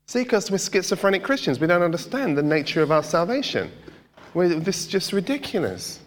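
A man preaching in a relaxed, conversational way, often asking the congregation questions and dropping playful asides. His voice sits a little high for a man, and it carries a long reverb from the hall around him. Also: fairly quick. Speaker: pastor. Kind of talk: sermon.

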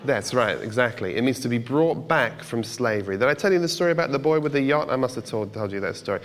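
A man's voice: medium pitch, animated, fast talker. A man preaching a sermon in a conversational way, putting questions to the congregation and making joking asides. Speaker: pastor. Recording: long hall reverb.

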